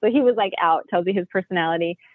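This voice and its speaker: A woman telling a family story in a chatty, animated way, laughing often. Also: lowish voice, fast, no echo. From United States. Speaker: podcast guest, homeschooling mother. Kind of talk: casual storytelling. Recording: tinny phone-line sound, dry.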